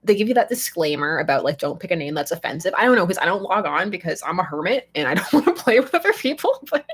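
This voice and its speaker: A woman's voice: mid-range voice, big pitch swings, fast, slightly rough. A woman hosting a casual live stream, chatty and rambling, laughing often as she answers viewers. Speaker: fandom channel host.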